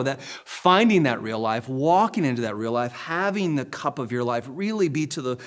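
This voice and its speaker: A middle-aged male pastor preaching in a big church in an easygoing, folksy way. He leans on stories and circles back over his words. His voice sits at an ordinary middle pitch. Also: animated, fairly quick, hardly any pauses. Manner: conversational, folksy storytelling with repetitions. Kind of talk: sermon. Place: large church auditorium.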